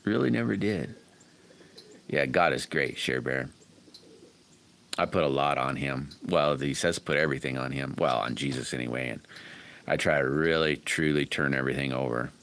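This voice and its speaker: Chatty low-voiced man on a livestream. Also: normal speed, a bit bright, slight background noise. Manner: chatty, rambling, chuckles often; folksy, talks straight to viewers by name. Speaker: livestream host. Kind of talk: casual livestream chat reading viewer comments.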